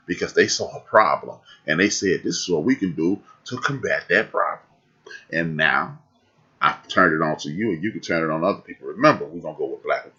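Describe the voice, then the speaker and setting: Man, deep husky voice, sharp forceful delivery, dull lo-fi stream audio. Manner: fiery and preachy, repeats phrases for emphasis. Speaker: podcast host. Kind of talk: live-streamed talk.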